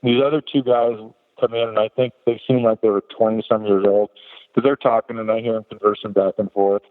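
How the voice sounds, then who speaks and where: A man's voice: lowish voice, level tone, fairly quick. A middle-aged man, a podcast guest, telling a personal story in a candid, rambling way with frequent restarts. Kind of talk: personal story told in an interview. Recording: tinny phone line with long reverb.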